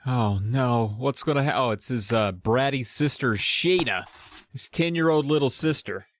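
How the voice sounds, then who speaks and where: A man's voice: mid-range voice, normal speed, fairly bright tone, slight background noise. A man co-hosting a casual book podcast, summarizing the plot with wry humor. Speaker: podcast co-host.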